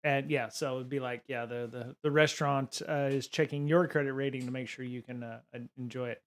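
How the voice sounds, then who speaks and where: A man's voice: medium pitch, steady tone, brisk. A man hosting a live-stream podcast, talking casually and musing aloud in a rambling way.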